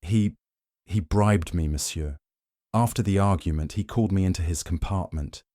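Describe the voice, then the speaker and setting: A man's voice: low-pitched, a little mellow, no echo, studio quality. A man voicing a jittery train conductor. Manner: hesitant, anxious pleading. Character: nervous, frightened male train conductor.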